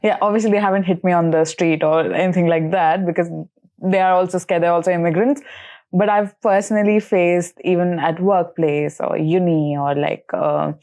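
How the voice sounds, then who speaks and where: Frank woman with a mellow voice. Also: lowish voice, fairly even intonation, normal speed. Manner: opinionated, frank, laughs often. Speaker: podcast co-host. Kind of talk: casual podcast conversation.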